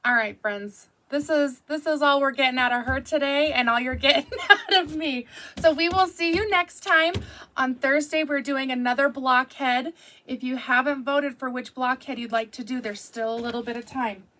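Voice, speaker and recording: High, bright-voiced quilting host. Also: female voice, moderate pace. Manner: chatty, easygoing and self-deprecating. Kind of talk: casual tutorial chat.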